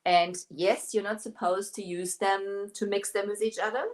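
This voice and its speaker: A woman's voice: medium pitch, steady tone, moderate pace. A middle-aged woman from Germany, a native German speaker, chatting casually on a live stream while demonstrating furniture painting, with lots of fillers and restarts. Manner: chatty, hesitant with many fillers, greets viewers.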